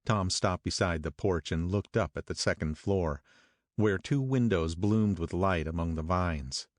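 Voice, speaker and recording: A man narrating an audiobook in a measured, steady first-person reading. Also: low-pitched, dry recording, studio quality.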